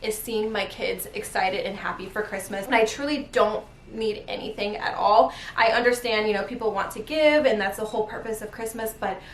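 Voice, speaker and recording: A woman's voice: medium pitch, brisk, hardly any pauses. A young woman talks casually to her viewers as she folds laundry at home, wandering from thought to thought and laughing between sentences. She sits back from the camera mic, so her voice carries a roomy echo, with a faint hum of the room behind her. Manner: chatty, rambling, laughs mid-sentence. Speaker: vlogger. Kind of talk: casual chat while folding laundry. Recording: roomy home recording from a distance.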